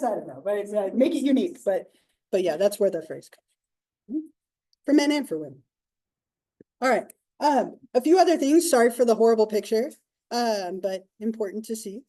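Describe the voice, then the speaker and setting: A woman's voice: mid-range voice, warm tone, low-quality recording. A woman in her thirties lecturing a psychology class in a classroom, chatty and loose, with many fillers and asides. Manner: chatty, full of fillers and asides, laughs often. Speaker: psychology instructor.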